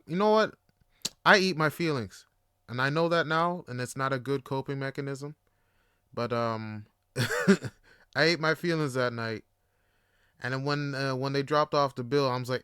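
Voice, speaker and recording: A young man hosting a podcast, telling a dating story in a casual, slangy way, swinging between loud exclamations and low muttering. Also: clean tone, no echo, studio quality. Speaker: podcast host.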